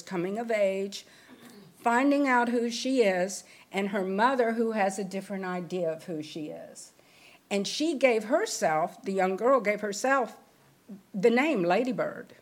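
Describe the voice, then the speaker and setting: A woman's voice: medium pitch, a little slow. Middle-aged woman giving an inspirational sermon. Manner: storytelling, acts out film scenes in varied voices. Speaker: spiritual speaker.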